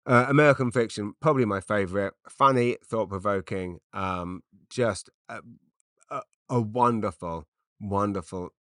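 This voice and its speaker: A man's voice: on the low side, moderate pace, a bit bright, no room sound, studio quality. A middle-aged man from Britain, a comedian rambling through an unscripted solo podcast with lots of fillers and restarts, self-deprecating.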